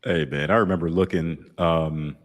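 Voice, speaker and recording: A man's voice: low voice, fairly even intonation, normal speed. A man who was once a firefighter, explaining something step by step in a casual podcast chat. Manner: explains things in plain step-by-step terms. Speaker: podcast guest, former firefighter.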